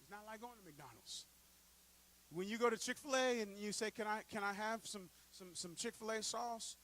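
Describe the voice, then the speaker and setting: A man preaching a sermon in a church, telling stories and building up to loud peaks. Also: sits high, moderate pace, low-quality recording. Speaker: pastor. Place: church sanctuary.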